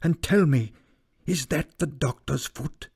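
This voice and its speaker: A man voicing a frightened elderly butler who speaks in a slow, hushed, fearful way. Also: fairly high pitch, creaky, slightly rough, voice pushed up, heavily acted.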